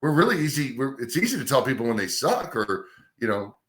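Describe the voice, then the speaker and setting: A middle-aged man, a radio host, telling a career story in a casual, animated way. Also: mid-range voice, brisk. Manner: animated anecdote telling with acted-out quotes. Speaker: radio host, podcast guest.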